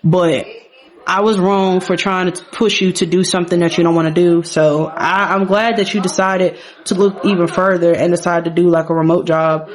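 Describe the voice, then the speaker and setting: A woman's voice: lowish voice, fairly even intonation, normal speed, natural voice. Woman doing a laid-back but protective game dad, plain-spoken and firm. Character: protective middle-aged dad, caring and firm. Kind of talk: voicing game characters.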